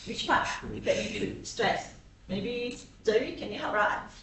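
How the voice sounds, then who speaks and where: Speaking a little slowly in a voice on the high side, a female lecturer keeps asking her students tag questions to check they're following. The recording comes from a distant mic in a very echoey classroom, with faint hiss.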